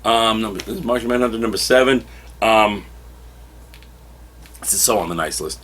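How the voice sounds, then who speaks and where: Animated husky male comic reviewer. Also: on the low side, moderate pace. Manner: animated, acts out characters' lines.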